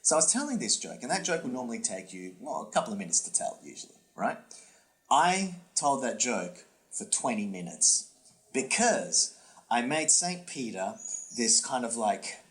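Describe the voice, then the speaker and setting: Animated male comedian storyteller. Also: moderate pace. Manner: animated storyteller, swooping pitch, lots of fillers and restarts. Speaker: podcast co-host and comedy workshop instructor. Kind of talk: casual podcast chat, storytelling.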